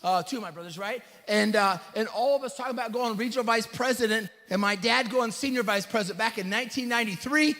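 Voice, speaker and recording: Middle-aged male convention speaker, very high voice, punchy rally style that drops to hushed urgency, long hall reverb. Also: fast talker, few pauses. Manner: punchy, repeats "right?" and "you guys", swings from loud to hushed. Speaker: company leader speaking at a convention. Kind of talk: motivational stage speech. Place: large event hall.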